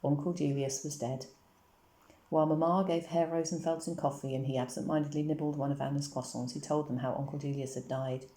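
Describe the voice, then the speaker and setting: A woman reads a children's novel aloud in a low, mellow voice. She tells the story in a calm, measured way. The room around her is echoey. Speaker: reader.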